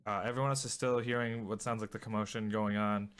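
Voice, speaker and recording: A man with a fairly low voice runs a tabletop game as game master. He narrates in a halting way, stopping and restarting often with fillers. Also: flat delivery, clear, resonant tone. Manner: hesitant, many fillers and restarts.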